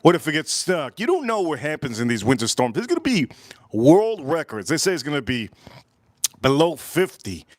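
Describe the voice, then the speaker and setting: A man hosting a casual whiskey tasting livestream, rambling and profane, repeating himself with loud bursts. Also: a little high, big pitch swings, normal speed, no room sound. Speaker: whiskey reviewer and livestream host.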